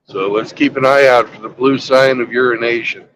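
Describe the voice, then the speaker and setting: A man's voice: mid-range voice, steady tone, normal speed, fairly bright tone, slight background noise, poor audio. A man on a road trip telling a crude joke in a loose, rambling, casual way. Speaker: vlogger. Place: travelling by road.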